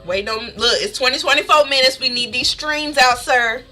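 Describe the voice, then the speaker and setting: A woman's voice: high-pitched, normal speed, pushed and bright, soft background music. A woman streamer chatting casually with her live audience, bubbly and chatty, laughing often.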